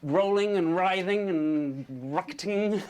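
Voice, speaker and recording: A man pitching a storyboard, narrating action lively with sound effects and character voices. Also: slow, smooth. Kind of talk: storyboard pitch, acting out scenes.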